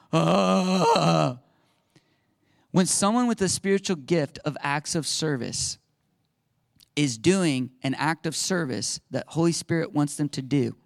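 A man preaching a lively sermon as a pastor, acting out little scenes and laughing now and then. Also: a little high, no echo, studio quality. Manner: animated, acts out little voices and laughs often.

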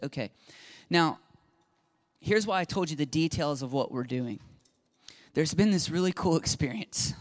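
A middle-aged man preaching a sermon, telling a story with lively acted-out dialogue. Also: on the high side. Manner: animated storytelling, acting out dialogue. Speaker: pastor. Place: church sanctuary.

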